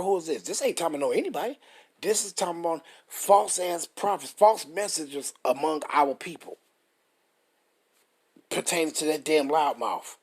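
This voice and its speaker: A man reading scripture aloud and commenting on it, profane and combative, slowing down to stress the verses. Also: medium pitch, breathy edge. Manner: profane and combative, reads verses slowly and forcefully.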